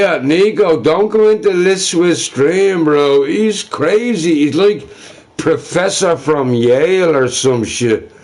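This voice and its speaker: A man's voice: fairly high pitch, darkish tone. A man rambling casually on his livestream, profane and self-mocking, chuckling between remarks.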